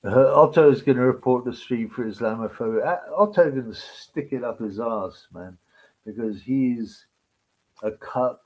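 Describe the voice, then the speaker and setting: A man's voice: medium pitch, moderate pace, a little mellow, rough recording. A man hosting a live stream, ranting in a crude, mocking, rambling way. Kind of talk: casual live-stream rant.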